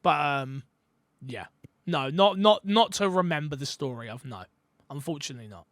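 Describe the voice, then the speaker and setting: Bright, high-voiced male podcast host. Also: moderate pace, no echo, studio quality. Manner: animated, jokey storyteller. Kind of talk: casual podcast chat.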